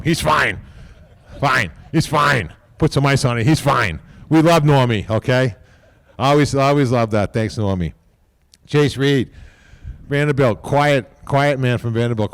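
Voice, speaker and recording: A man speaking at a podium microphone during an induction ceremony, rambling informally, repeating himself and tagging lines with a quick "okay?". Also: mid-range voice, no echo. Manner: repeats words and restarts often. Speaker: team executive giving induction speech.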